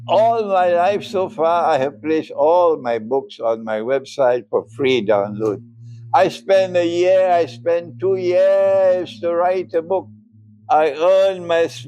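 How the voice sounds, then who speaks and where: An older man giving a religious lecture, emphatic and deliberate, often breaking into chuckles. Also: fairly high pitch, warm tone, rough recording. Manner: slow and deliberate, spelling out words. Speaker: Islamic scholar lecturing.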